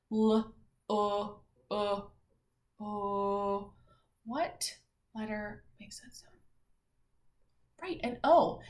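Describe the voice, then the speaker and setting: A woman teacher giving a phonics and spelling lesson to young children, talking clearly and encouragingly. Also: mid-range voice. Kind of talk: early-grades phonics lesson. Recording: echoey room.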